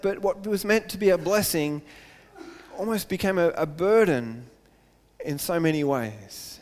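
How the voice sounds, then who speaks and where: High-voiced preacher man in a reverberant hall. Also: unhurried. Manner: earnest, builds to excited emphasis, repeats phrases. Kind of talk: sermon.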